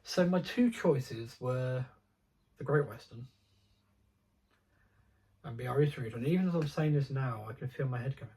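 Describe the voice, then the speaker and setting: Man, husky tone, rambling casual chat, lots of ums. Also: mid-range voice, moderate pace, long pauses, a little mellow, poor audio. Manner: chatty, digressive, frequent ums and restarts. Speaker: model railway hobby vlogger.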